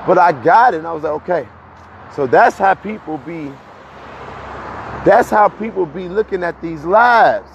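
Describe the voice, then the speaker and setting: A fairly high-voiced man talks in to his live-stream viewers, a little out of breath as he walks uphill outdoors. He is animated, often repeats words and laughs between points. The phone audio is dull and lo-fi, with faint street noise behind him. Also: normal speed, long pauses. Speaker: livestream host.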